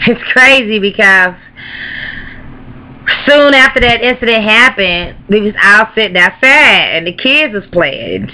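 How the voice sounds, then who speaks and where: A woman's voice: medium pitch, pushed and bright, low-quality recording. A woman telling a comic story in a brash, profane, gossiping way. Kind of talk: comedic storytelling vlog.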